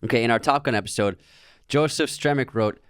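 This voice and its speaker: A man's voice: medium pitch, brisk, a bit bright, clean tone, no room sound, studio quality. A man co-hosting a podcast, chatting casually and reading listener comments aloud with frequent laughs. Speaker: podcast co-host. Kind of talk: casual chat.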